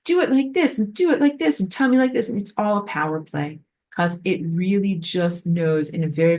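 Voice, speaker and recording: A woman giving a spiritual class lecture in an animated way, filled with frequent "like". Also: fairly low pitch. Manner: animated, acts out quoted voices, frequent "like". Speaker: spiritual teacher.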